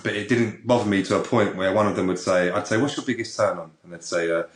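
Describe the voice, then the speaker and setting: A British man, a podcast guest, telling a frank anecdote in a casual, animated way. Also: low voice, fast, roomy sound. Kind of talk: casual storytelling.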